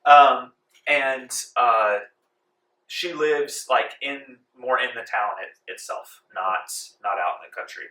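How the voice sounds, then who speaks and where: Relaxed, meandering male game master; bright tone, distant mic in a roomy space. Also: medium pitch, slow. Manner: relaxed with many fillers. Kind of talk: narrating a tabletop game. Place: library room. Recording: echoey room from far off.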